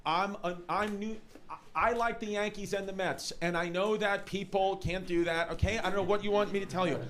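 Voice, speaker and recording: A man's voice: high voice, fairly even intonation, moderate pace. A man with a New York accent doing a brash, rambling stand-up set in a comedy club. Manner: rambling, brash, riffing on tangents. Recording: noisy club with roaring crowd. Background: loud audience laughter.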